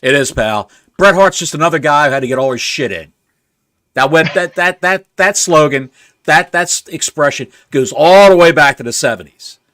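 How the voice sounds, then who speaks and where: A man co-hosting a casual wrestling podcast, telling stories in a wry, drawn-out way. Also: on the high side, expressive, fairly bright tone, no room sound, clean studio sound. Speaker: co-host.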